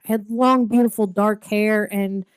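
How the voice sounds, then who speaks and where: A woman around forty, chatting candidly on a podcast about raising kids. She rambles a bit, restarting sentences and leaning on fillers, in an average-pitched voice with a dry, close sound. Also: fairly even intonation, moderate pace, clear, resonant tone, no echo. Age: 40s. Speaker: podcast co-host. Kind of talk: casual chat.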